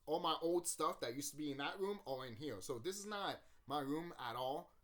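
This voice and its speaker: A man's voice: a little high, expressive, normal speed, fairly bright tone. A man hosting his channel, talking casually from a room at home about a movie, swearing often, laughing and acting out scenes. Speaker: YouTube channel host. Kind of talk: casual movie review rant.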